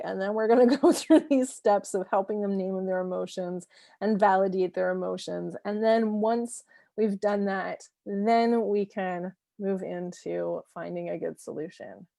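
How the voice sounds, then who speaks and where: A parenting coach gives a conversational lesson in a mid-range, creaky, mellow voice at normal speed. She often checks in with "right?" and laughs lightly between points. The studio-quality recording has no echo.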